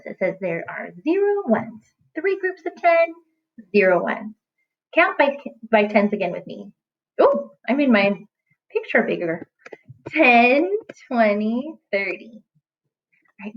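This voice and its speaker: A woman's voice: a little high, highs cut off. A woman teaching young children in a recorded lesson, talking in a playful, exaggerated sing-song way. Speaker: kindergarten teacher.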